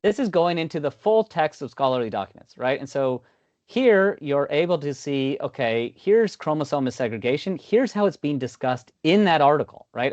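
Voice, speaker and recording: A man walks through a software demo on a video call, in a loose conversational way with many "you knows" and "ums". The call audio sounds dull and slightly lo-fi. The voice is dry and close, with no room echo. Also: mid-range voice. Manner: conversational, frequent fillers like "you know" and "um". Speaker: product demo presenter. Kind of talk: online meeting product demo. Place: online video meeting.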